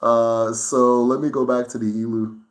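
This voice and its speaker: A man hosting a casual livestream Q&A, speaking conversationally and often checking in with "right?". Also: mid-range voice. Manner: relaxed and unhurried, with fillers and restarts while thinking. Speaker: host answering viewer questions.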